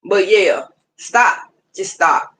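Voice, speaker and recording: A woman's voice: mid-range voice, slow pace. A woman hosting a livestream, ranting heatedly and swearing freely at online rivals. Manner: heated, profane, animated. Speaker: streamer host. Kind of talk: profane ranting livestream talk.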